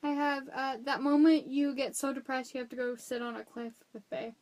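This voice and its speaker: A woman co-hosting a casual movie review chat, excitable and jokey, acting out moments from her notes. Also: high-pitched, a little fast.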